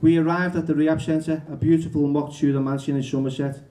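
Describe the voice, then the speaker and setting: A frank, self-mocking Englishman chats and reads aloud at a bookshop event. His voice sits a little high for a man but sounds dark and mellow, and he talks casually with plenty of fillers. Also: level tone, fast. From England. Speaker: author at a book event. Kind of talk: candid storytelling and reading aloud.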